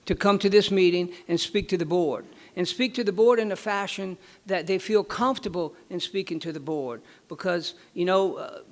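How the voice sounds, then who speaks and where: A man giving a folksy conference presentation as a regulatory board member, telling jokes and often repeating his words. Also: high-pitched. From Louisiana.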